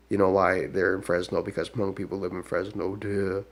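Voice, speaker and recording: Man, low gravelly voice, rambling taunting monologue, keeps saying "duh". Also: little pitch movement, normal speed, few pauses. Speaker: self-proclaimed shaman.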